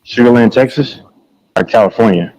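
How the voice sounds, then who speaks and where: A man's voice: mid-range voice, moderate pace, darkish tone, rough recording. A man in casual chat about music, rambling, repeating himself and hunting for names.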